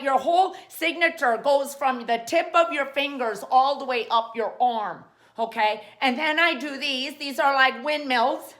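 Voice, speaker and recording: A woman's voice: high-pitched, a bit bright. A woman hosting a comic how-to show, playful and rambling, full of jokey asides. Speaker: host.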